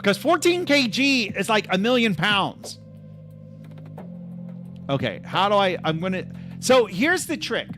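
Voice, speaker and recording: A man's voice: high-pitched, very animated, a little slow, pauses often, music in the background. Joking, rambling male streamer. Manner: rambling, joking, self-deprecating. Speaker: livestream host. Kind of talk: casual livestream chat.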